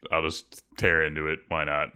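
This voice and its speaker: Deep-voiced joking tabletop player. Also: male voice, monotone, normal speed, bright, forceful tone, clear, resonant tone. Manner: chatty, joking, talks in character. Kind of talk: casual in-character tabletop play.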